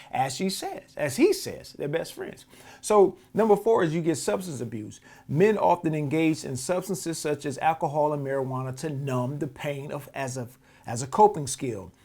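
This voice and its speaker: A podcast host with a slightly high, animated voice and a darkish tone talks at a moderate pace. He's reacting to a clip with heated, profane remarks, repeating words whenever he restarts.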